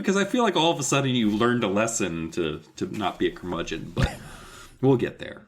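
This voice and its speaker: A man's voice: lowish voice, a little fast. A man co-hosting a podcast in casual chat, joking with a sarcastic edge. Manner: sarcastic, jokey, animated. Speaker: podcast co-host.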